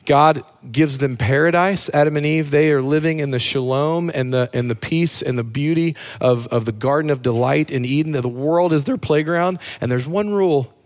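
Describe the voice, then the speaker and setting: Pastor preaching with lively drops. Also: male voice, normal speed, few pauses. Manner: animated preaching, drops low and quiet on key phrases. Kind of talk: sermon.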